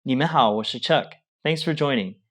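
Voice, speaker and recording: A man's voice: medium pitch, moderate pace, a bit bright. A man co-hosting a language lesson, explaining the material and encouraging the learners. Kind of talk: instructional explanation.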